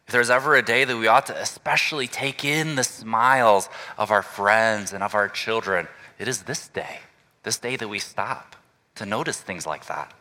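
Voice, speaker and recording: A male pastor preaching a relaxed, conversational sermon and inviting the congregation to call out answers. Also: on the low side, moderate pace, big-room sound. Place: church sanctuary.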